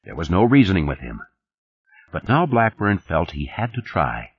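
A man narrating an audiobook in a steady, scripted storytelling style. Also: low-pitched, normal speed, breathy edge. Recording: dull, dry studio recording.

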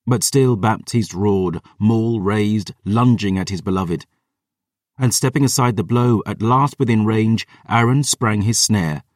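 A man with a low-leaning voice narrates a first-person fantasy audiobook with dramatic intensity, at an unhurried pace. The recording is dry with no echo, and the mic sits a little distant.

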